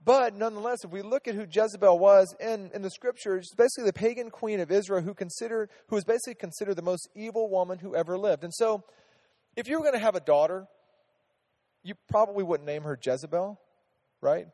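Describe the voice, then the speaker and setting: A man's voice: high voice, quick pace, warm tone, long reverb tail. A man teaching a casual Bible lesson to a group, chatty, asking them questions and restarting his sentences often.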